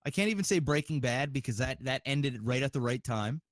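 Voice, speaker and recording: A man's voice: mid-range voice, lively intonation, brisk, dry recording. Man, podcast co-host, casual, profane, rambling, dry recording. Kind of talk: casual chat.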